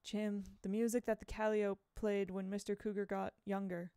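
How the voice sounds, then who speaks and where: A woman's voice: mid-range voice, flat delivery, normal speed, mellow, clear, resonant tone, no room sound, clean studio sound, natural voice. A woman voicing a frightened young boy who pleads urgently in a breathless rush. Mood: anxious.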